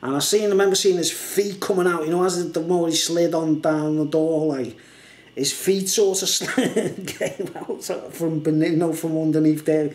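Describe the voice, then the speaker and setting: A man's voice: a little high, steady tone, normal speed, darkish tone, echoey room. A man telling a story in a rambling, casual way, laughing often and filling gaps with "like" and "you know". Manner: rambling, laughing often, heavy use of fillers. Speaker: vlogger.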